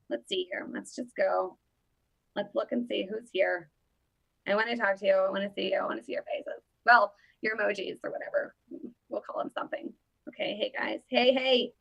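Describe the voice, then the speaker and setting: Casual livestream host, woman in her thirties, bright tone, playful and talkative. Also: on the high side, vocal fry, low-quality recording. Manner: chatty, greets viewers by name, playful.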